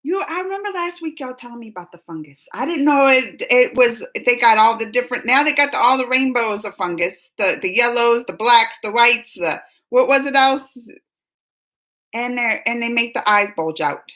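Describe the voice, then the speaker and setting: A woman's voice: fairly high pitch, lively intonation, moderate pace, fairly bright tone, low-quality recording. A woman hosting a casual livestream, chatting loosely and reading viewer comments aloud with frequent laughs. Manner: chatty, rambling, laughs often. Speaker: livestream reaction host.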